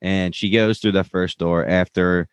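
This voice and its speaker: A man's voice: sits low, fairly even intonation, unhurried, clear, resonant tone, no room sound. A man co-hosting a casual podcast, chatty as he recaps a TV episode and acts out quoted lines. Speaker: podcast co-host.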